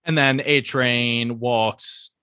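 A man co-hosting a casual TV recap podcast, retelling scenes in a relaxed way. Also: mid-range voice, extremely slow, smooth, dry recording, clean studio sound. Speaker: podcast co-host.

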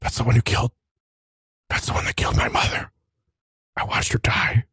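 A scared little male dragon hiding in his lair, barely breathing his words in whispered role-play, as a man puts him on. The voice stays hushed and jittery, close and dry, with no room around it. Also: medium pitch, fast, breathy edge, dry recording. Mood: fearful hushed. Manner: hushed, nervous, keeps dropping to a whisper. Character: timid young male magical dragon, last of his kind, hiding.

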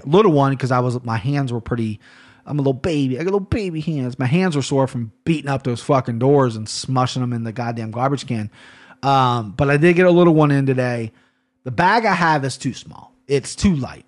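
Podcast host, male, mid-pitched, loose and profane, rambling fight talk. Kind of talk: casual solo podcast chat.

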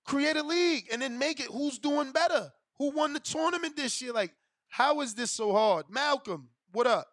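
A man's voice: extremely high pitch, expressive, normal speed, a bit bright, dry recording, clean studio sound. A man hosting a call-in show, talking loosely and directly with plenty of slang.

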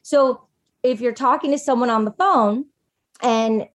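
A woman life coach talking casually in a podcast conversation, animated and full of "like", acting out little quotes. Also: on the high side, measured pace. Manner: chatty, animated, acts out quotes, fillers of "like".

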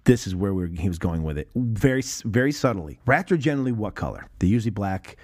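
Animated, rambling man chatting about films. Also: on the low side, quick pace. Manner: animated, rambling with restarts, swears and laughs often. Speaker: podcast guest or co-host. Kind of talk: casual film discussion podcast.

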